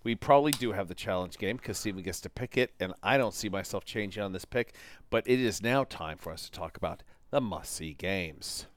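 A man's voice: low-pitched, fairly quick. A man co-hosting a casual sports talk show, teasing his partner and making picks with wisecracks. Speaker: co-host.

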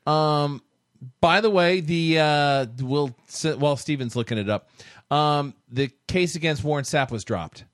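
A man's voice: a little high, measured pace, no echo, studio quality. A man co-hosting a casual sports talk show, teasing and arguing in banter. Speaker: co-host.

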